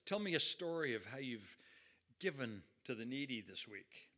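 A man's voice: mid-range voice, very animated, normal speed, sharp tone. A man doing a kind, probing teacher. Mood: gentle. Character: kind, gently probing male teacher figure.

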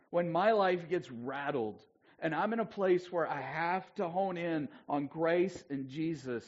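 Pastor, man, high-ish voice, loud then quiet, dull church tape. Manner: conversational preaching with big swings between loud and hushed. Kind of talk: sermon.

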